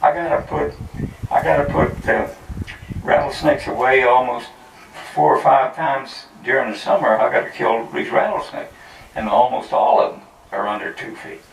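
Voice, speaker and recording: A man's voice: medium pitch, normal speed, vocal fry. A man telling a tall tale to a crowd at a community gathering, folksy and chuckling as he acts out the voices. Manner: folksy, chuckling, animated quotes. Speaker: storyteller at a community program. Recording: echoey, distant mic, faint noise.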